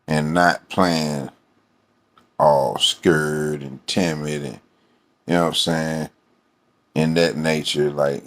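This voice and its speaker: A man's voice: very deep voice, flat delivery, slow, pauses often, a bit bright. A man ranting casually about his team, rambling and profane, with many fillers. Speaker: sports fan vlogger. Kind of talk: casual fan rant.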